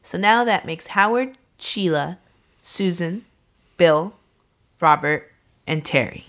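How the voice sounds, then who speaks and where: Laughing, lively-voiced woman podcast host. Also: lowish voice, slow pace. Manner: laughs often, swears casually, reads case notes. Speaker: podcast host, narrator of the case. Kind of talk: casual true-crime podcast chat.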